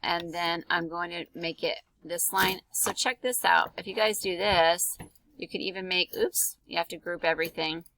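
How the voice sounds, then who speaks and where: A woman's voice: fairly low pitch, steady tone, normal speed, fairly bright tone, slight background noise, rough recording. A woman art teacher talking through a drawing tutorial in a casual, chatty way, with many ums and likes. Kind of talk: screen-recorded drawing tutorial.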